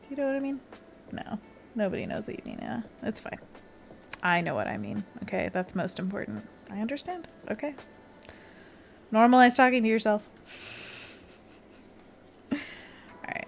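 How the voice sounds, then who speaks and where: A woman's voice: medium pitch, creaky. A woman hosting a casual art livestream, chatting and giggling as she reads chat aloud and talks to herself while she draws.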